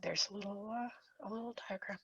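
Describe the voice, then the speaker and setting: A woman's voice: medium pitch, dull audio, noisy background. A woman podcast co-host talking through a diagram in casual chat. She thinks aloud with many ums and acts out quoted thoughts.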